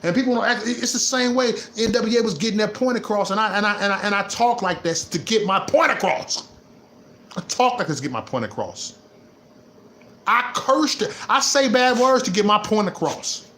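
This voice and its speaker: A man ranting on his vlog, repeating himself and swinging between low muttering and loud laughing outbursts. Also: animated, moderate pace. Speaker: vlogger. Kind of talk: unscripted livestream rant.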